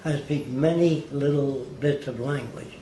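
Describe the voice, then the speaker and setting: An older interview guest tells meandering stories, slipping into the voices of the people he quotes. His medium-pitched voice moves at a measured pace, with a roomy echo and a faint hiss underneath.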